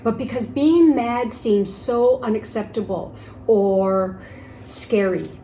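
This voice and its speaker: Mellow-voiced woman in an echoey room. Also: on the high side, slow, a little hiss or hum. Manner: reflective and earnest, with frequent agreeing interjections. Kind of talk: casual conversational discussion.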